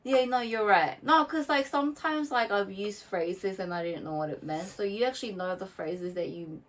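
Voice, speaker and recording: A woman co-hosting a casual podcast chat, animated and fidgety, who swears and laughs as she talks. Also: medium pitch, moderate pace, recorded from a distance, low-quality recording. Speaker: podcast co-host.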